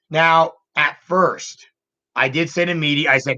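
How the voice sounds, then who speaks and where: A man hosting a casual vlog from his home computer room tells a personal story emotionally, rambling and repeating himself. His mid-range voice is sharp in tone and measured in pace. The home recording is dull and lo-fi.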